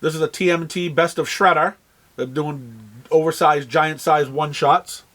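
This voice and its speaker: High-voiced New England man. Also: unhurried, fairly bright tone. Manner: rambling, with frequent fillers and restarts. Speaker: comic shop host. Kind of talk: casual product rundown.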